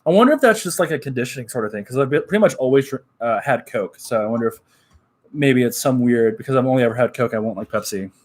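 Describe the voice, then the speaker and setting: A man's voice: mid-range voice, expressive, fast talker. A young man from Texas, chatting casually to his live stream chat and telling a story with many fillers and asides. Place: at home.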